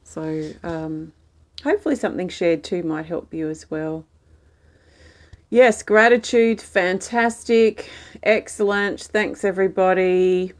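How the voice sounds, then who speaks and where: A woman hosting a live healing stream, reading out viewers' comments and answering them in a gentle, soothing, reassuring way. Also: fairly low pitch, unhurried. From Australia.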